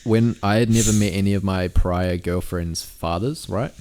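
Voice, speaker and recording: Brief: young guy, lowish voice, crude storyteller who swears a lot. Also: normal speed. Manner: swears a lot, acts out quotes in a high shouty voice. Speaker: podcast co-host.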